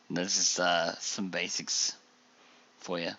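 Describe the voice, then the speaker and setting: A man's voice: deep voice, fairly even intonation, very slow, lo-fi sound, background noise. A man from Australia doing a casual reaction video, rambling and annoyed, full of fillers.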